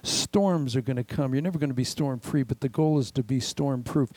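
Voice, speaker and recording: An older man preaching a sermon as pastor, animated and acting out the voices he quotes. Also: medium pitch, brisk, no echo, low-quality recording.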